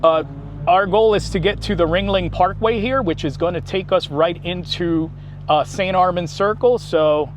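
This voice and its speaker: A man in his thirties chatting casually about cars while driving, relaxed and rambling but enthusiastic. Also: sits high, normal speed. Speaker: car vlogger. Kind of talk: casual driving vlog chat. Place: inside a car on the road. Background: car engine and road noise.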